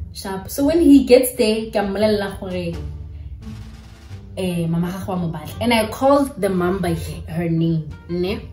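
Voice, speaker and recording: A young South African woman with a South African accent, telling a personal story in a chatty, animated way. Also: on the low side. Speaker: YouTuber. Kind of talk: storytime vlog. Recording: echoey room with faint music.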